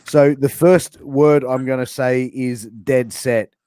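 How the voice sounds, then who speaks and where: A man's voice: medium pitch, steady tone, slow pace, mellow, smooth. A man with an Australian accent hosting a casual interview, playfully throwing out slangy phrases for his guest to guess. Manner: playful, drops into slangy catchphrases. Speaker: interview host.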